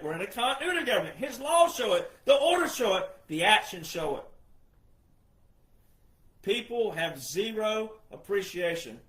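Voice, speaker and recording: A man giving an emphatic monologue, repeating his points insistently and addressing the audience as ladies and gentlemen. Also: high-pitched, reverberant, rough recording. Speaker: commentator.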